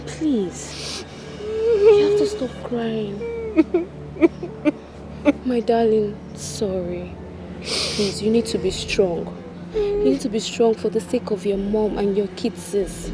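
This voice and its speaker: An actress playing a caring, outspoken friend, pleading and insisting in a slow, emphatic way. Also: female voice, a little high, big pitch swings. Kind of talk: film acting. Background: film music.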